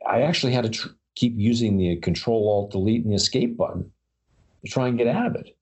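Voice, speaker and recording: A man's voice: fairly low pitch, big pitch swings, fairly quick, a little mellow, breathy edge. A man co-hosting a casual chat about paranormal stories, rambling with many fillers and restarts. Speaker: podcast co-host.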